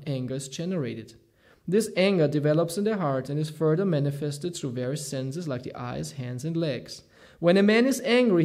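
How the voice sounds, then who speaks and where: Man, English, scripture reading and commentary, halting, slightly high pitch. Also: darkish tone. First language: German. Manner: halting, thinks aloud, searches for words. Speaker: scripture class teacher.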